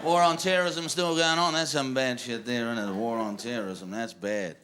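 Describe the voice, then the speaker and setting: A man's voice: mid-range voice, steady tone, brisk. A man with a New Zealand accent doing a crude stand-up routine, acting out other voices. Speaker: stand-up comedian. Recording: live stand-up with loud crowd and noise. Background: audience laughter.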